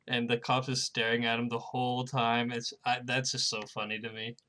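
A man's voice: medium pitch, fairly even intonation, a little fast, fairly bright tone. A man chatting casually as a podcast co-host, retelling a favorite joke scene by scene. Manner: laughing storyteller, retells jokes scene by scene. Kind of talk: casual film review chat.

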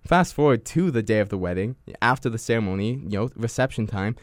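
A man's voice: lowish voice, expressive, fast talker, no room sound, clean studio sound. A young man in his twenties co-hosting a podcast, telling rambling stories in casual chat, full of fillers and restarts. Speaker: podcast co-host.

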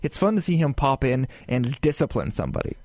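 A man co-hosting a casual gaming podcast, talking in a rambling, animated way with lots of fillers and asides. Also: mid-range voice, brisk. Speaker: podcast co-host.

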